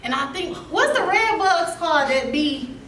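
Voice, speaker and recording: A young woman speaks at a seminar, her voice high, bright and lively. She tells her story with feeling and laughs through it. She sounds distant in an echoey room with faint noise behind. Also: normal speed. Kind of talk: motivational storytelling.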